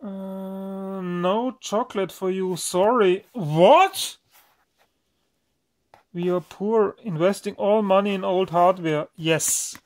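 A man's voice: high voice, steady tone, slow, hardly any pauses. A man hosting a casual unboxing, marveling aloud with exclamations as he presents each item. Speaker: electronics video host.

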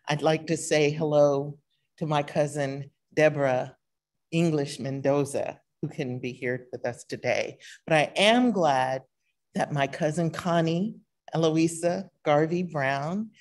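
A woman from East Texas giving a measured presentation at a conference session, telling her family's story with light humor. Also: low-pitched, darkish tone. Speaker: speaker. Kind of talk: formal presentation talk.

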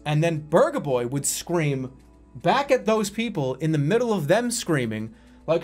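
Male streamer in his thirties, lively rambling chat with swearing, fairly high voice, faint music behind. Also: unhurried. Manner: rambling, animated, swears freely. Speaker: livestreamer. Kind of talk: casual chat.

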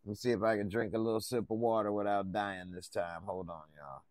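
A man hosting a casual live stream, reacting to a TV episode, relaxed as he greets viewers by name and laughs often. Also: fairly low pitch, a little fast, no echo.

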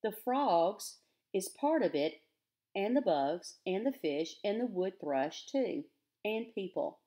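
A woman's voice: mid-range voice, sing-song, slow pace, dark tone. A woman voicing a weary, earnest rustic father who talks in plain country grammar.

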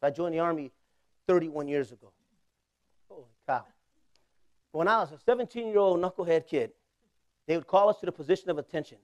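Man, 40s, pastor, high voice, fervent sermon with call-and-response. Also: fairly quick, pauses often. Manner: impassioned preaching with call-and-response.

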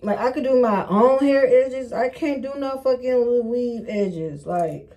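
Woman, mellow voice, casual profane vlog chatter to viewers. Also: fairly high pitch, a little slow. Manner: frustrated, profane, talking to viewers. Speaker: beauty vlogger. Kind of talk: casual self-filmed hair vlog.

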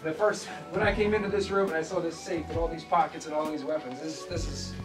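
Eager, fast-talking male host in an echoey room. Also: on the high side, steady tone, distant mic, over music. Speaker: channel host interviewing a guest. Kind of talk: casual interview chat.

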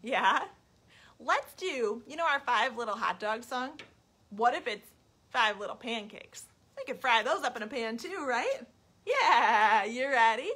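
A woman librarian reading a picture book and singing counting songs for young children in a playful, animated way on a livestream. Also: on the high side, slow. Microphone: webcam or phone, livestream.

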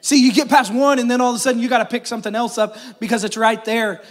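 A man's voice: very high voice, fairly even intonation, quick pace. A man, preaching a conversational sermon to his church and calling out to the crowd. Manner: conversational preaching with crowd call-outs and jokes. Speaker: pastor. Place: church service.

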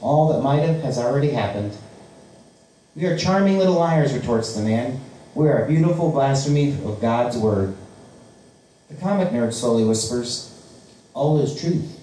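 A man's voice: medium pitch, animated, normal speed, dark tone. A man performing his spoken-word poetry at an open mic, with a rhythmic, declamatory delivery. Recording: very echoey room, voice from a distance.

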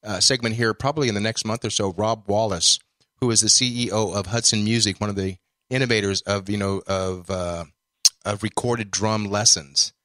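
A man's voice: on the low side, fairly even intonation, normal speed, dry recording, studio quality. A man hosting a podcast interview, effusive and full of praise, calling his guest brother. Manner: effusive, warm-hearted praise, says brother. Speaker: podcast host.

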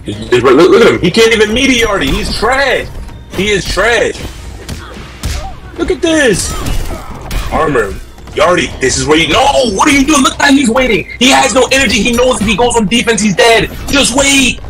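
Man, high voice, swooping pitch, shouty trash-talk, headset mic, faint music behind. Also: normal speed. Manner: loud, excitable trash-talk with frequent shouting; repeats phrases and profanity. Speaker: streamer commentating matches. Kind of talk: heated live fighting-game commentary.

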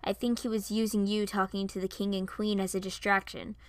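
A woman doing a blunt, gruff guard woman. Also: mid-range voice, level tone, fairly quick, no room sound, natural voice. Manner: blunt, dismissive.

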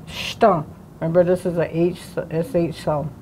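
A woman teaching a language class, sounding out words slowly syllable by syllable. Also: fairly low pitch, steady tone, mellow, slight background noise. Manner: slow, drawn-out syllable-by-syllable pronunciation.

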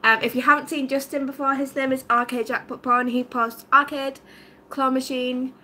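A British woman with a bright, fairly high voice chats casually as a live-stream co-host and reads out viewer comments. Faint hiss runs underneath. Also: little pitch movement, normal speed.

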